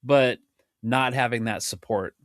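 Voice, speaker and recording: Middle-aged guy w hiccups rambling on a podcast, mid pitch, dry sound. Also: a little slow, dry recording. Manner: rambling, self-interrupting, laughs often. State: has the hiccups. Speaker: podcast host and drum teacher. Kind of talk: casual chat.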